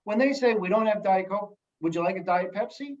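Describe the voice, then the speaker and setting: A man speaking as a guest in casual podcast chat, telling stories in an animated, jokey way with many restarts. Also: sits high, fairly quick, highs cut off. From United States. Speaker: guest, sales executive and elected official.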